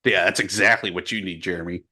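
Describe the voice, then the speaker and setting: A man's voice: low-pitched, steady tone, quick pace, pushed and bright. A man co-hosting a casual sports podcast, running through scores and news in a dry, matter-of-fact way. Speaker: podcast co-host.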